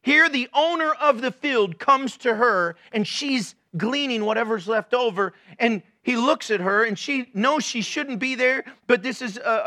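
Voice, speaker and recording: Middle-aged pastor, high bright voice, animated sermon storyteller. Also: male voice. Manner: animated storytelling with playful acted-out quotes.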